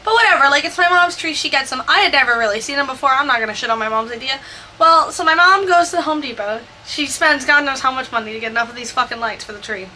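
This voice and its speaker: A woman's voice: high voice, sharp tone, a little hiss or hum. A young woman telling a chatty, profane story over a video game build. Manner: chatty, profane, quick asides. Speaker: Sims builder and vlogger.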